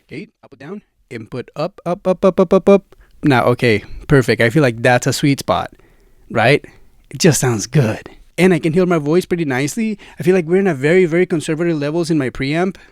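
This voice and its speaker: A gear reviewer tests studio microphones, swapping them as he talks casually to the camera and enthusiastically calls the viewer his friend. His slightly high voice moves at a fairly quick pace, captured with dry, close studio sound.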